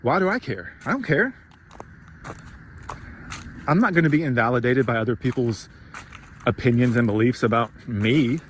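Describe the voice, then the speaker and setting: A man's voice: mid-range voice, fairly quick, slight background noise. A man delivering an intense, profane motivational rant, rambling and mocking himself as he goes. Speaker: podcast host.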